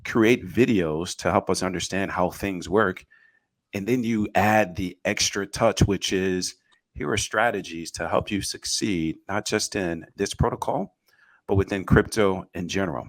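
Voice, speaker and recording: A man's voice: deep voice, unhurried. A man co-hosting a casual online panel, upbeat and steering the talk from one segment to the next. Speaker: co-host.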